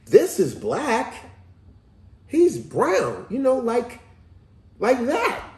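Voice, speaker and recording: A man voicing a calm, innocent little boy in a retold story. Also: very high-pitched, extremely slow, reverberant, pitched above the performer's own voice, full character voice. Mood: innocent, amused.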